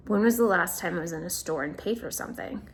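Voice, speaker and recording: Chatty woman with a lowish voice. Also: fast talker, a little hiss or hum. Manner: chatty, rambling with restarts; talks to her dog. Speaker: vlogger. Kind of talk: casual video diary.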